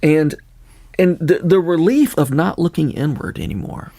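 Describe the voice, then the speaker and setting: An older man with a Southern accent hosting a podcast, talking in a halting way and repeating words. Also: a little high, dark tone, no room sound. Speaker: podcast host. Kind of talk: casual conversation.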